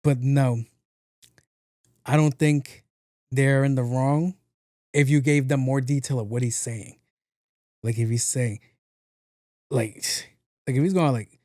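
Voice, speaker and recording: A man riffs through casual podcast commentary, full of swearing, jokes and repeated words. His voice is mellow and warm. The sound is dry and close. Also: mid-range voice, fairly even intonation, slow, pauses often, no room sound. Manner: profane, joking, repeats himself. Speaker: podcast host.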